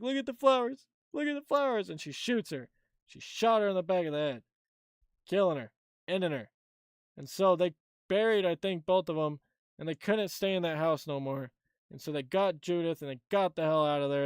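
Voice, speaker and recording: A man with a high, smooth and clear voice chats casually on a live stream, blunt and rambling. The sound is close and dry. He comes across offhand, throwing out quick verdicts. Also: no room sound. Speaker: streamer host.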